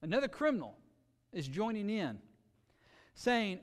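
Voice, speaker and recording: A man preaching a sermon earnestly, with sudden shifts between loud emphasis and quiet, drawn-out words. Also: high-pitched, animated, big-room sound. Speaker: pastor.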